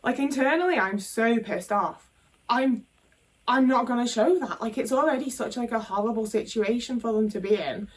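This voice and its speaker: A woman's voice: on the high side, normal speed, distant mic. A British woman talking candidly into her phone in a casual monologue, frank and rambling, with plenty of fillers and swearing. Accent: British English. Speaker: vlogger. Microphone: phone camera.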